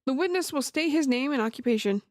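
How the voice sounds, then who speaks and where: A woman's voice: sits high, expressive, quick pace, no room sound, studio quality. A woman voicing an elderly, flustered male judge in a raised, quavering old-man voice. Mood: formal.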